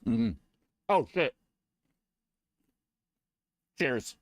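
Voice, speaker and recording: A man streaming live, chatting casually with viewers in a profane, rambling, jokey way, now and then breaking into loud mock rants. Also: medium pitch, lively intonation, extremely slow, no echo.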